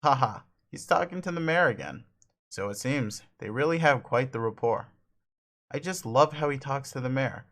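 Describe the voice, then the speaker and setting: A man's voice: medium pitch, normal speed, a bit bright, lightly acted. A man doing a goofy, eager teenage boy. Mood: cheerful. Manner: eager, rambling, stammering. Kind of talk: comic reading with voices.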